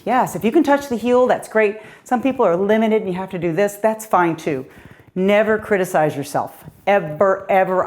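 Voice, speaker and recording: A middle-aged woman fitness coach leading a guided workout, upbeat and encouraging, a little out of breath as she calls out the moves. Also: mid-range voice. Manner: upbeat, encouraging, counting down reps. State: slightly out of breath.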